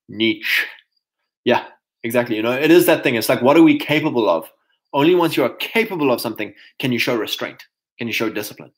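A man's voice: mid-range voice, lively intonation, fairly quick. A man in his thirties hosting a casual livestream, talking emphatically and reading chat comments aloud. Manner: emphatic, mocking voices of others, reads chat comments aloud.

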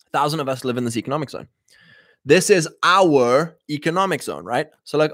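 A man's voice: on the high side, lively intonation, a little fast, a bit bright, dry recording. Rambling man talking, dry sound. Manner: rambling, acts out quoted voices; frequent throat clearing and restarts. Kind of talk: casual monologue.

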